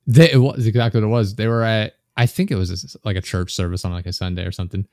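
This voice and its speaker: A man's voice: lowish voice, steady tone, fast, a little mellow, no room sound, studio quality. A young man, a podcast guest, chatting casually and telling rambling anecdotes with chuckles.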